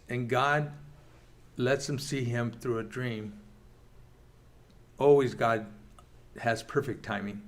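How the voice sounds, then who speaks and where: Male Bible class teacher, mid-pitched, earnest, reads scripture and chats with the room. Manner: earnest, reads scripture aloud, quick asides. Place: church meeting room.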